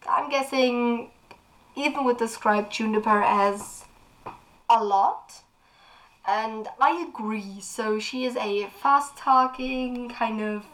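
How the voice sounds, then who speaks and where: A woman's voice: on the high side, fairly bright tone, low-quality recording. A woman talking through a novel in a casual book review, opinionated and thinking aloud with frequent restarts.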